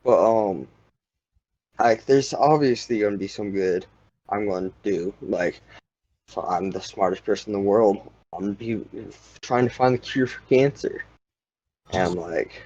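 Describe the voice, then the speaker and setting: Young guy, low register, rambling casual talker, dull dry recording. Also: a little mellow, no echo. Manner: rambling, heavy use of "like". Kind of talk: casual chat. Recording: dull lo-fi sound.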